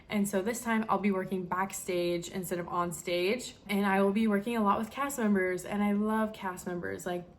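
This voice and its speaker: A woman's voice: medium pitch, a bit bright. Young woman vlogger, chatty and emotional, mid-range voice, faint hiss behind. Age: young adult. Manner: chatty, emotional, many fillers. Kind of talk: casual chat.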